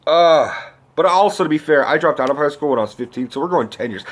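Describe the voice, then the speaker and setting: A man in his twenties ranting about a movie in a casual vlog, swearing often and breaking into loud exclamations. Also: fairly high pitch, quick pace. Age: 20s. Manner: animated, swearing, bursts of shouting. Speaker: vlogger. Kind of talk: profane movie rant.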